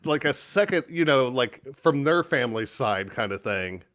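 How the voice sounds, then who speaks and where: Animated, lively-voiced man telling a story. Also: medium pitch, normal speed. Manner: animated storyteller, swears, shouts mock-outraged quotes. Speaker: podcast co-host. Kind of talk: casual chat, storytelling.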